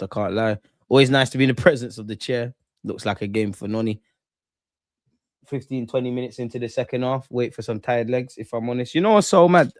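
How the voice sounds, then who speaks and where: A young man hosting a football watchalong, chatting casually and ranting back at his live chat with a lot of swearing. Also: a little mellow. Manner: rants at live chat, swearing, high-pitched indignation. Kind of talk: live match reaction chat.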